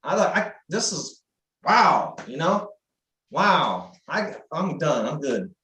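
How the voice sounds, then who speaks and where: A woman's voice: low voice, big pitch swings, slow, fairly bright tone, roomy sound. A woman speaking on a video call, effusive and stumbling over her words with joy. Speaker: meeting participant. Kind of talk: excited video-call remarks.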